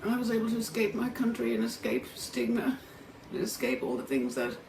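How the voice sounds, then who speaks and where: Her fairly high, gravelly voice is very animated and fairly quick, picked up by a distant mic in a roomy space with faint hum. She's a middle-aged woman from Ireland vlogging from a motel room, crying and distressed, cursing a lot and erupting in angry outbursts.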